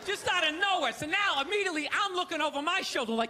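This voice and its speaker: Guy doing stand-up, loud sarcastic rant, voice pushed way up high, crowd roaring and noisy room. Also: animated, fast talker, few pauses. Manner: loud ranting sarcastic delivery. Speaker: stand-up comedian. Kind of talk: stand-up set. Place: theater stage. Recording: live show with crowd laughter and noise. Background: audience laughter.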